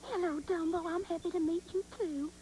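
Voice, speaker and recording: Little Bo Peep, as a woman voices her, is a sweet, shy little shepherd girl on a children's TV show. Her voice is very high and breathless, and she talks politely through her tears. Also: fairly even intonation, brisk, warm tone, slight background noise. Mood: worried.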